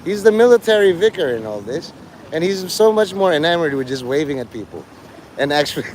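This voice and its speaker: Man, live streamer, rambling jokey chat, frequent laughter, profane, slightly high voice, light street noise. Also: expressive, a little fast, darkish tone. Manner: rambling, joking, laughs often, swears freely.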